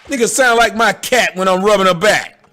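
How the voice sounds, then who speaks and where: A woman's voice: medium pitch, brisk, fairly bright tone, faint music behind. A woman giving sarcastic, indignant reaction commentary. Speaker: commentator answering a critic.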